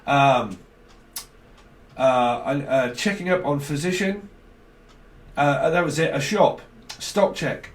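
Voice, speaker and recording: A man's voice: a little high, takes it slowly, pauses often, reverberant. A man giving a casual, rambling tarot reading, swearing now and then and talking loosely. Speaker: tarot reader.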